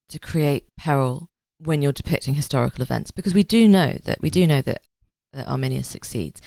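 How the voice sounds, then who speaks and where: A woman's voice: very deep voice, vocal fry, darkish tone, dry recording. A woman co-hosting a podcast in casual discussion, chatty, often restarting and repeating words. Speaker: podcast co-host.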